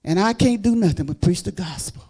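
Woman preacher going hard, shouting praise then dropping to quiet storytelling. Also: lowish voice, animated, brisk, slightly rough. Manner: fervent, loud exclamations and praise interjections; drops to quiet, intimate storytelling. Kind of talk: sermon.

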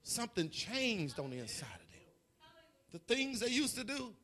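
A man preaching a fervent sermon, building to shouts, stammering and repeating words, with laughing asides. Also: very high voice, very animated, measured pace.

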